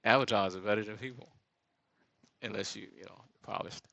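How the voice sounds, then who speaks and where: A man with rambles through his work in a casual screen-share commentary, often pausing to search for the right word. His voice is gravelly with a bright, forward edge. The sound is dry and close, with no room around it. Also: on the low side, fairly even intonation, dry recording, highs cut off. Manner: thinks aloud, rambling asides, searches for words. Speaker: solo creator building an app.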